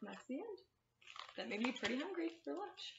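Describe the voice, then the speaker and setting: A young woman librarian leading a family storytime, reading picture books and rhymes aloud in a slow, sing-song way. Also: sits high, big pitch swings, vocal fry, very noisy. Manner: slow, sing-song read-aloud with playful animal sounds. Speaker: children's librarian. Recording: lo-fi, echoey room.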